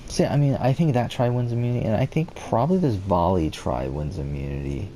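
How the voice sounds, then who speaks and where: Speaking fast in a lowish, dark-toned voice, this man rambles through his gameplay with plenty of fillers and restarts. He curses at the game when it goes badly, and there's a slight hiss or hum in the audio.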